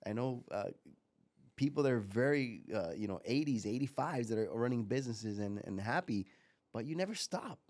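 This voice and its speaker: A man in his forties from Miami, a guest entrepreneur telling lively stories and often repeating words. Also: medium pitch, normal speed. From Miami, USA. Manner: animated storyteller, repeats words as he goes. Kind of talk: casual interview talk.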